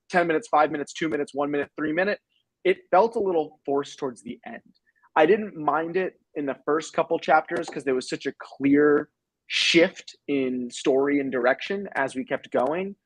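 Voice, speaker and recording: A young adult man co-hosting a casual movie review chat, animated and swearing casually as he retells scenes. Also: fairly high pitch, brisk, rough recording. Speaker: film review podcast co-host.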